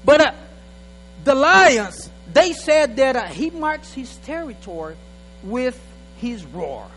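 Man, pastor, sermon, very high voice, slow delivery, non-native English, stumbles and repeats words, long hall reverb. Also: very animated, a bit bright, soft background music. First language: not English. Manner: halting, repeats words, non-native phrasing, talks to an assistant.

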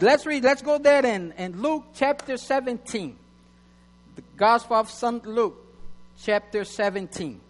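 A man preaching a sermon in English, which is not his first language, halting with restarts and reading scripture slowly and loudly. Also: high voice. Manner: halting, many restarts and fillers. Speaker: pastor. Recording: long hall reverb with mains hum.

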